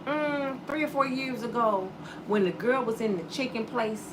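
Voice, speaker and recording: A woman YouTuber giving blunt, animated commentary to her viewers and acting out the voices of people she quotes. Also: on the high side, moderate pace, recorded from a distance, noisy background. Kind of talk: casual commentary to camera.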